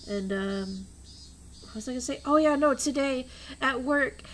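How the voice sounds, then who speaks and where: A woman streamer reading a visual novel aloud and chatting, animated and profane when she rants. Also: sits high, normal speed, slight background noise. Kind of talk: casual streamed read-aloud with chat.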